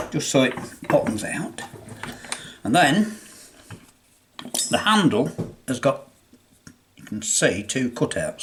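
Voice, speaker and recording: An older English man talks through a workshop demonstration at an unhurried, slow pace, his voice sitting at an ordinary middle pitch. He chats as he works, talking himself through each step, with faint clinks of metal tools in the background. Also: background noise. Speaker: hobbyist restorer. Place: home workshop.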